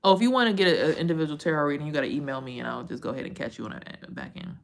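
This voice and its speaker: Brief: woman livestream host, deep-pitched, rambling and profane, casual chat with viewers from home. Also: very fast, gravelly. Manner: loose, rambling and profane, with frequent slang and side remarks. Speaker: livestream host and tarot reader.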